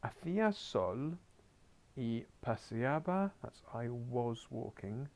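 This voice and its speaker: A man's voice: mid-range voice, lively intonation, takes it slowly, darkish tone. A man teaching a beginners' Spanish class, coaxing his pupils along with wry asides and muttered whispers, heard in a school classroom.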